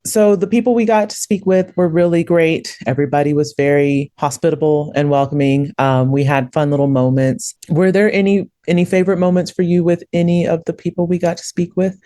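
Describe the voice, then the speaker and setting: A woman co-hosting a podcast, telling stories in casual chat with lots of laughter. Keep it animated and chatty, with the close, dry sound of her card. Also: fairly low pitch, a little fast, few pauses, no room sound. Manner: animated storytelling with frequent laughter. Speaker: podcast co-host.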